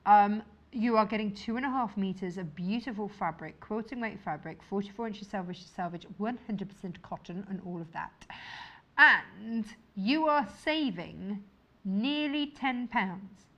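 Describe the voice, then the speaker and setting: A woman's voice: medium pitch, measured pace, fairly bright tone, dull audio. A woman presenting fabrics on a live shopping channel, chatty and jokey, laughing often.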